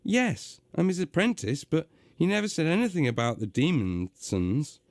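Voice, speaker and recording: A man's voice: on the high side, animated, moderate pace, dry recording, clean studio sound, voice pushed up, close to an everyday voice. A man voicing a timid, confused young male apprentice who stammers nervously.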